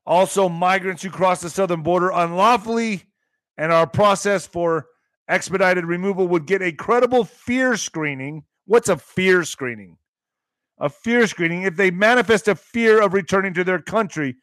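Brief: mocking male vlogger doing news commentary, high voice, dry close sound. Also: normal speed, fairly bright tone, no room sound. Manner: brash, mocking, profane.

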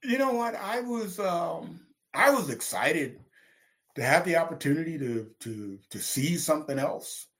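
A middle-aged man from Texas, a former football linebacker, telling his story in an interview with lively, acted-out quotes. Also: a little slow. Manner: animated, acts out quotes with big pitch jumps, laughs.

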